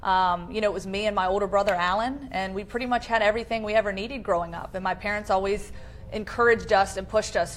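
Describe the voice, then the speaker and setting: A woman in her thirties, an interview guest, telling a personal story in an earnest, halting way with many fillers, on a low-quality live-stream video. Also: a bit bright, slight background noise.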